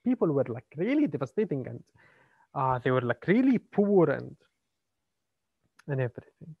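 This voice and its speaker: A man's voice: mid-range voice, sing-song, normal speed, gravelly, slightly rough, no echo. Hesitant male lecturer, dry muffled sound. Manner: hesitant, many fillers and repeated words. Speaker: university literature lecturer. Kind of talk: classroom lecture. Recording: dry, slightly muffled lo-fi recording.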